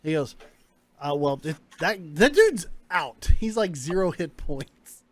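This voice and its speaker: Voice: medium pitch, big pitch swings, a little slow. A game master narrating a tabletop role-playing game session.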